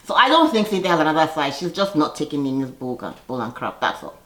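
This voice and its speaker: A woman's voice: low-pitched, sing-song, a little fast, a bit bright, echoey room. A woman casually recapping a reality TV episode, chatty and sassy, laughing often and acting out quoted lines.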